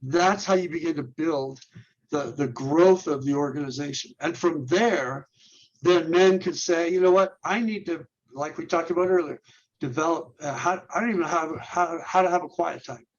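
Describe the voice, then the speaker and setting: A man's voice: a little high, moderate pace, muffled recording. A man, a ministry leader, explaining steps in an interview in an earnest way, firing off rhetorical questions and often restarting his words. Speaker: guest, men's ministry leader. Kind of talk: instructional interview talk.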